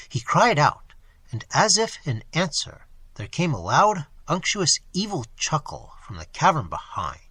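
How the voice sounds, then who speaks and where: A man reading a fantasy story aloud with an expressive, theatrical delivery. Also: a little high, breathy edge, dry recording.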